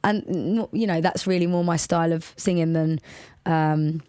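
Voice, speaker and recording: A woman's voice: sits low, fairly even intonation, normal speed, dark tone, clean tone, dry recording, clean studio sound. A woman from Liverpool with a Watford accent, co-hosting a podcast in a chatty, self-deprecating way. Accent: Watford, England. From Liverpool, England. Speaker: podcast co-host. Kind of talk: casual chat.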